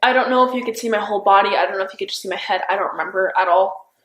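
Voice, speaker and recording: A young woman in her twenties recounting events in a recorded police interview, halting and unsure, with constant fillers and restarts. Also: mid-range voice, fairly bright tone. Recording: roomy interview room recording.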